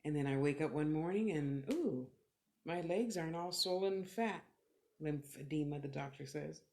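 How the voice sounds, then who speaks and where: On a live stream of motivational talk and readings, a middle-aged clairvoyant from California responds to viewers with candid, profanity-laced, reflective remarks in brief bursts. She speaks at a normal pace in a low, mellow voice.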